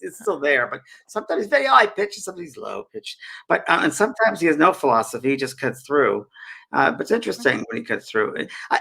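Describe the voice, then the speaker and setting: A man chatting as co-host of a livestream, animated and rushed. He races through his points with a lively, swooping pitch. His voice is gravelly and a little husky. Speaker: co-host, medium. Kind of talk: casual chat on a livestream.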